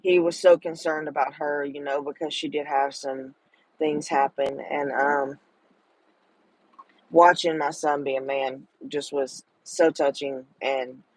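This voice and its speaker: A woman's voice: low-pitched, steady tone, a little slow, no room sound, poor audio. A middle-aged woman, talking to viewers in a casual livestream chat, tender and emotional. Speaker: livestream host.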